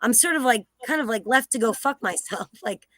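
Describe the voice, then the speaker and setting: A woman's voice: fairly high pitch, expressive, brisk, a bit bright, dry recording. A woman from New Jersey sharing her own situation in a rambling way, full of fillers and restarts. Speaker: group participant sharing personally. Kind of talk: candid personal sharing.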